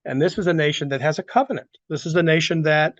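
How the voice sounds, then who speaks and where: A man's voice: on the high side, fast, dry recording, dull audio. Man teaching a church class. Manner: conversational, asks the class questions, many restarts.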